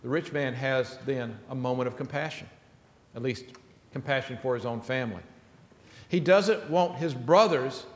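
A man's voice: high voice, reverberant, in a large hall. A man pastor preaching an earnest, emphatic sermon in a church sanctuary.

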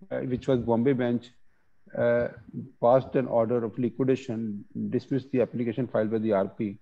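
A man presenting a webinar on court judgments, reading case text and explaining it with many pauses and fillers over a video call. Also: mid-range voice, muffled recording.

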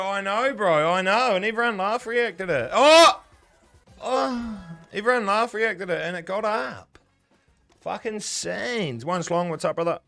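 Sweary New Zealand streamer, bright voice. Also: male voice, a little high, creaky. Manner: swears a lot, banters with chat. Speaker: gambling streamer. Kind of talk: casual live-stream chat.

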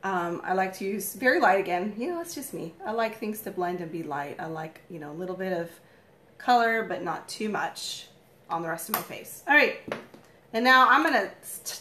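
A woman in her thirties doing a casual live makeup tutorial at home, chatty and rambling, with a morning voice and frequent throat-clearing. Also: medium pitch, animated, moderate pace, sharp tone, echoey room, slight background noise. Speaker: makeup vlogger, live stream host.

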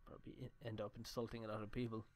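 A man's voice: lowish voice, flat delivery, racing. A man casually joking and swearing as he thinks aloud while playing a horror game. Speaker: let's play gamer.

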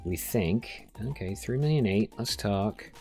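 A man's voice: lowish voice, expressive, a little slow, dark tone, faint music behind. A man casually commenting on his own game play, joking, reading the customers' lines aloud and talking to himself. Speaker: gameplay video host. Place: home room during a rainstorm.

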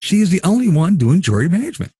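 A man's voice: sits high, fast talker, breathy edge, dry recording, clean studio sound. A man hosting a casual commentary chat about a reality show, acting out the lines of people on the show as he talks. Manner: animated, acts out houseguests' lines. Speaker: show host.

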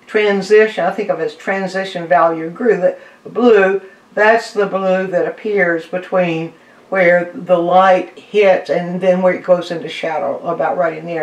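A woman's voice: mid-range voice, a little mellow, far from the mic. A woman art teacher giving a live painting demonstration, explaining each step unhurriedly as she mixes paint. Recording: echoey room, voice off-mic.

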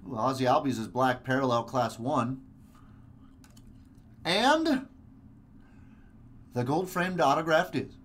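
A man's voice: medium pitch, animated, slow, pauses often, a bit bright. Upbeat man hosting a card-break stream. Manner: chatty, upbeat, many fillers. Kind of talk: live commentary while opening card packs.

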